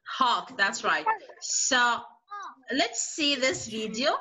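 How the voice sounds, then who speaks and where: A young woman teaching a spelling lesson to young children online, repeating each word slowly and patiently. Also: a little high, sing-song, pushed and bright, low-quality recording.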